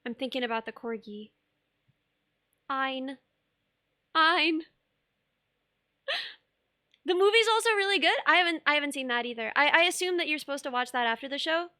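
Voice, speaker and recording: A woman's voice: sits high, expressive, brisk, pauses often, sharp tone, dry recording, studio quality. A young woman streaming live, chatting casually while she sculpts, bubbly and rambling, laughing often and reading chat aloud.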